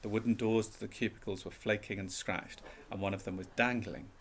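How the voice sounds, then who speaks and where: A man narrating a storybook reading in a calm, even way. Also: fairly low pitch, a little fast.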